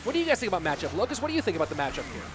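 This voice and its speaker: A man's voice: sits high, very animated, racing, music in the background. A man with an American accent casting a live video game tournament, chatting with viewers between plays. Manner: chatty, reads and answers viewer chat. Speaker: esports caster. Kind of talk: live esports commentary with chat banter.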